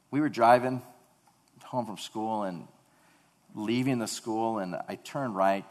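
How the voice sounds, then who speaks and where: This pastor in his thirties has a lowish voice with a breathy edge. He weaves animated, emphatic family stories into his sermon, and a big hall's long echo lingers on the recording.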